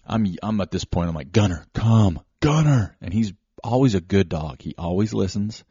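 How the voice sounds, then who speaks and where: A man hosting a show, telling a casual, rambling, self-deprecating story with animated asides. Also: low-pitched, fairly quick, breathy edge, no echo. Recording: slightly dull lo-fi recording.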